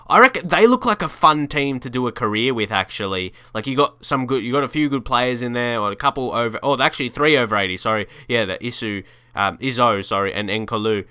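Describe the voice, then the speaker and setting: A young man talks through a football game in casual let's-play style, rambling and chuckling as he thinks aloud. His voice is bright and crisp, with a forward edge. The recording is close and dry, with no room around it. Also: medium pitch, no room sound. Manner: chatty, thinks aloud, frequent restarts and laughs. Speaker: gaming video creator.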